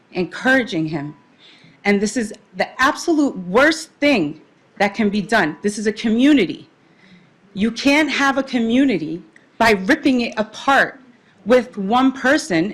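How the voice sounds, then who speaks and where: A woman speaking during public comment at a town council meeting, emotional and pleading as a parent. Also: mid-range voice.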